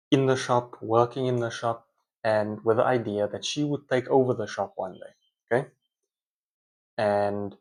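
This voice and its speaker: A man's voice: lowish voice, darkish tone. A man giving a casual, conversational monologue, often correcting himself mid-sentence. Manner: rambling, self-correcting, conversational. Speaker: speaker, parent.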